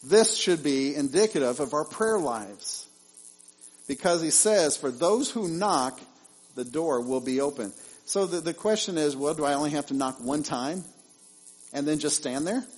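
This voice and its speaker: A male pastor, preaching a sermon in a conversational way, with lively asides and repeated phrases. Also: on the high side, unhurried, rough recording.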